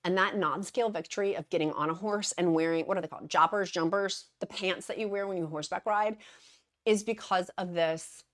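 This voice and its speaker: A woman's voice: lowish voice, steady tone, fairly quick. A woman vlogger chatting to her viewers in a rambling way, full of side notes and asides. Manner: addresses viewers as besties. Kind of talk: casual chat to camera.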